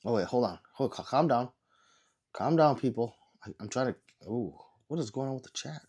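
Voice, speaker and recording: A man who is sick, chatting casually on a livestream and reading viewer comments aloud with low energy. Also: expressive, normal speed, darkish tone, husky.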